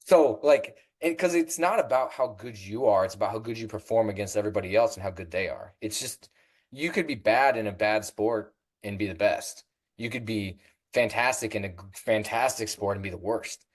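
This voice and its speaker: A middle-aged man, a fitness coach, telling stories as a guest in a casual interview, animated and jumping in pitch when he acts out what people said. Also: normal speed. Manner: animated, acts out quoted voices with big pitch jumps.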